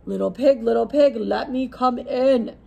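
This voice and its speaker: A woman reads a scheming male wolf from a picture book, sly and smug, stretching out each threat. The voice sits a little high and has a gravelly crackle. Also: a little slow, dark tone, lo-fi sound, heavily acted. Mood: sly, menacing.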